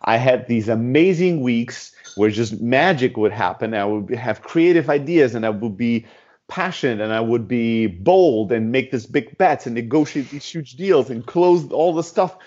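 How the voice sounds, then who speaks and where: A man who runs a startup, telling stories in a podcast interview in an animated way, swearing freely and acting out dialogue. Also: mid-range voice, moderate pace, dull audio. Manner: animated, profane, acts out dialogue. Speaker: guest, startup CEO.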